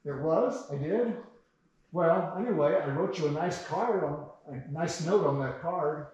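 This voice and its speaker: A man's voice: a little high, a little slow, darkish tone, highs cut off, natural voice. A man reading as a hapless old grandpa. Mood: apologetic. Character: hapless old grandpa, well-meaning husband. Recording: very echoey room heard from far off.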